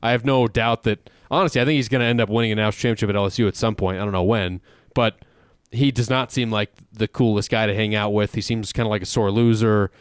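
A man co-hosting a casual sports betting podcast, animated and profane, laughing often. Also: lowish voice, fast, smooth, no room sound, clean studio sound. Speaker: podcast co-host.

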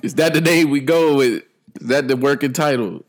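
A man's voice: medium pitch, normal speed. A man hosting a podcast in casual chat, joking around, rambling and laughing often. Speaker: podcast host.

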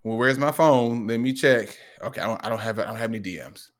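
A man co-hosting a podcast, telling a story in casual chat, restarting often and acting out what people said with sudden jumps in pitch. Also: fast. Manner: animated storyteller, acts out quoted lines with jumps in pitch; frequent restarts and repeated words. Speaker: podcast co-host.

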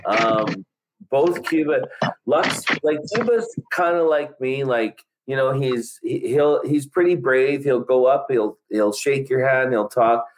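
A middle-aged man co-hosting a casual chat at an average pitch for a man. He talks in a relaxed, hesitant way, full of small pauses and fillers. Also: background noise.

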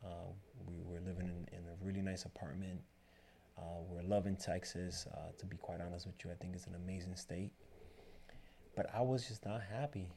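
A man with a deep, gravelly voice tells a personal story in a loose, rambling way. He quotes the other people in the story as he goes. A faint hum of background noise sits behind him. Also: brisk. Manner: rambling, animated retelling with quoted dialogue. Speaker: barbershop owner, guest. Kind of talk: casual storytelling interview.

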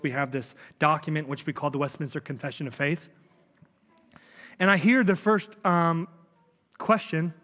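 A man's voice: on the high side, fairly bright tone. A male pastor delivering a sermon in an earnest, emphatic preaching manner. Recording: long reverb of a large hall.

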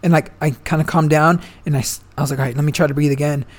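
A man's voice: fairly high pitch, steady tone, rapid-fire. A young man, a guest, chatting casually and telling a long story, swearing freely and full of slang. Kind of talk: casual chat.

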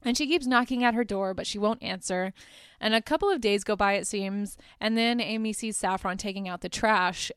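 Young woman, podcast host, casual film recap, smooth voice, dry close sound. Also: mid-range voice, no echo. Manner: chatty storytelling, lots of "like", laughs.

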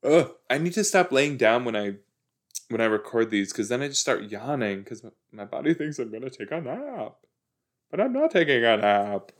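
A young man casually chatting and mocking a TV show, recording while lying down. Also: mid-range voice. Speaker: podcast host reacting to a TV episode. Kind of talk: casual chat. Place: lying down at home.

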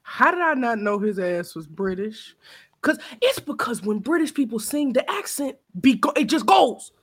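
A man co-hosting a podcast in casual chat, excitable and slangy, laughing often. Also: very high-pitched, normal speed. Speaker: podcast co-host.

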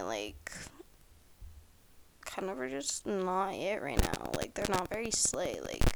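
A woman's voice: lowish voice, slight background noise. A young woman hosting a casual solo podcast, rambling with lots of "like" and frequent swearing. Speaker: podcast host.

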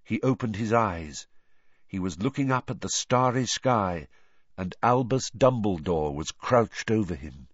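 A male narrator reading a novel aloud with a lively, rising and falling delivery and a dramatic storytelling manner. The recording is dry and a touch dull, like a home studio audiobook. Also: lowish voice, measured pace, dry recording.

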